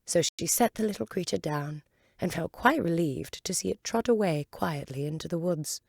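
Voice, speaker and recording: A woman reading a storybook aloud in a calm, measured way. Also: on the low side, gravelly, no echo, clean studio sound. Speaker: volunteer reader.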